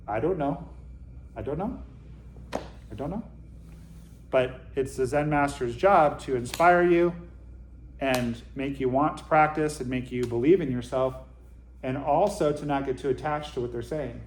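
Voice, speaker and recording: A man in a meditation hall gives a relaxed Dharma talk, his mid-range voice carrying a roomy echo. He speaks conversationally to his listeners and slips in dry, self-deprecating humor. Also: mid-range voice, normal speed, slight background noise. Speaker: Zen teacher giving a Dharma talk.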